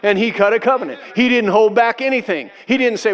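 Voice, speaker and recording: A man's voice: high-pitched, a little fast. A male pastor preaching a sermon, emphatic and repeating key phrases, acting out quoted voices as he goes.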